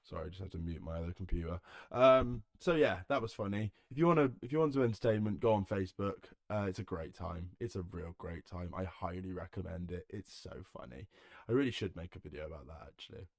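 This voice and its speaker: A young man from Herefordshire hosts a solo podcast, talking in a loose, jokey ramble full of swearing and laughter. His voice sits low. It is recorded close and dry at his home setup. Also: lively intonation, fast talker, gravelly, no room sound. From Herefordshire, England. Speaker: podcast host.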